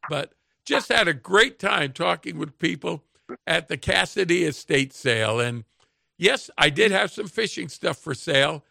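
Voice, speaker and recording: A man's voice: on the high side, lively intonation, unhurried, gravelly, pushed and bright, dry recording, clean studio sound. A man hosting a radio show, telling folksy anecdotes in casual chat and chuckling often.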